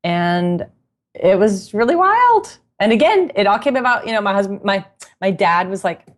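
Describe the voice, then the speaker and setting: A woman guest in a casual interview, telling stories in a chatty, animated way and laughing often. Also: medium pitch, normal speed. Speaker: guest musician and knitting author.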